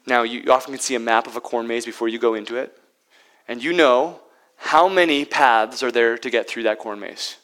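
A man preaching a sermon as pastor, swinging between loud emphatic peaks and hushed, near-whispered lines. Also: mid-range voice, normal speed, low-quality recording.

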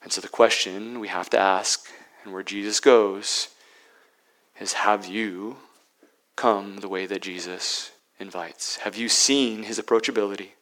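A man preaching a sermon as pastor, swinging between loud emphatic peaks and hushed, near-whispered lines. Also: lowish voice, steady tone, measured pace, low-quality recording.

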